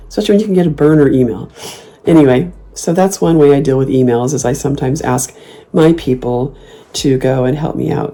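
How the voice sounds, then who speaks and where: Low, mellow-voiced sassy woman in her fifties. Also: breathy edge. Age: 50s. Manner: sassy, blunt, swears freely; playful mocking put-on voices when quoting herself. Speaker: host. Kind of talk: casual talk to camera.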